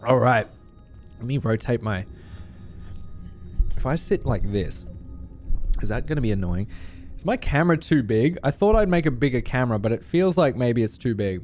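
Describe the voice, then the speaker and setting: Lively swearing streamer man. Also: medium pitch, normal speed, long pauses, soft background music. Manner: animated and profane, chatting to viewers. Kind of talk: live gameplay stream chat.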